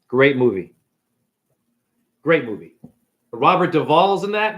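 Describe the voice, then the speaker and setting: A man with a fairly high voice rants casually about a film. He swears freely and jumps into little acted bits of each character. His pitch swings widely from line to line. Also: slow pace, pauses often. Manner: profane, animated, acts out characters. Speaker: spiritual video creator. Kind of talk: casual rant retelling a movie.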